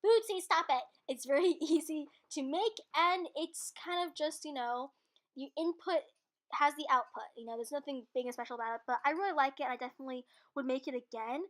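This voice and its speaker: A cooking vlogger narrates her own video in a high, fairly quick voice, recorded at home on a computer microphone. Her voice-over is chatty, rambling and self-deprecating, and she laughs often.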